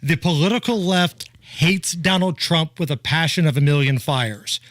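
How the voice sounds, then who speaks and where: A man's voice: fairly high pitch, moderate pace, a bit bright, no echo. A man hosting a talk radio show, with a blunt, joking, scoffing manner, speaking into a studio microphone. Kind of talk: conservative talk radio chat.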